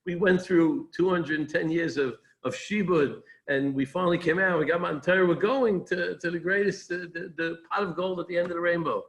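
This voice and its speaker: Moses, excited older man, raised and bright-voiced , as a rabbi puts him on. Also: sits high, brisk, few pauses, voice pushed up, rough recording. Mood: elated. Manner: excited, proclaiming. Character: Moses, an elated older man leading his people.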